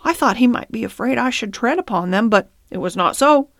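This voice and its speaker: A woman's voice: a little high, lively intonation, fairly quick, dry recording, studio quality. A woman voicing a fiery old male horse in a storybook reading, speaking indignantly. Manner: indignant, protesting.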